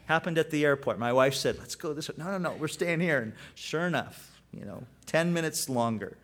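A male pastor delivers a sermon in a relaxed, storytelling manner, and then he drives home points with sudden emphasis. His voice sits high for a man and swings widely in pitch. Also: a little fast. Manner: conversational, storytelling with animated emphasis.

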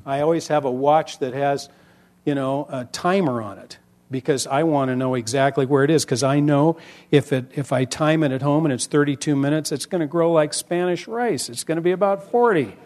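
A middle-aged male pastor coaching other preachers in a relaxed, conversational way. His voice sits a little high for a man. He tells stories with lively swings in volume. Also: normal speed. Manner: conversational, animated storyteller with lively vocal swings. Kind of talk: teaching talk to pastors.

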